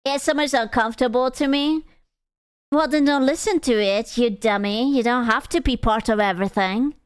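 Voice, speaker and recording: A woman's voice: on the high side, brisk, clean tone, no room sound. A woman streamer in casual live-stream chat, joking crudely and reacting to her chat.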